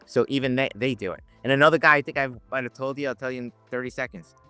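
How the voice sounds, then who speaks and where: Animated bright-voiced man telling stories. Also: medium pitch, quick pace, clear, resonant tone, no room sound, soft background music. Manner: animated anecdotes with laughs and quoted voices. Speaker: podcast guest, options educator. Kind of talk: casual storytelling.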